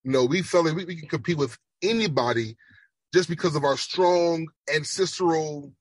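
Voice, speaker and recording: A man from Chicago with a slight Jamaican-influenced accent, a speech pathologist giving earnest, emphatic interview answers that slow down for emphasis. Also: on the high side, breathy edge, no echo. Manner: emphatic, measured, slows for emphasis. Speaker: speech language pathologist guest.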